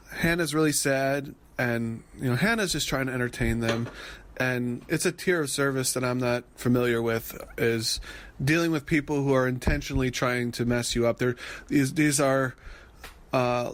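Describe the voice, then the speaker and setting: A man co-hosting a podcast, rambling through a lively recap of a reality show and now and then mimicking the people in it. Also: medium pitch, a little slow. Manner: animated retelling, mimics quoted people; rambling with frequent restarts. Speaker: podcast co-host.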